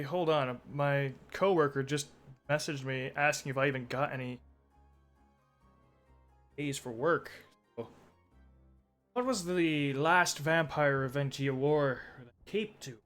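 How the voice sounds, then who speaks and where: A young man chatting casually on a live stream, laid-back and rambling as he talks with his group. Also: a little high.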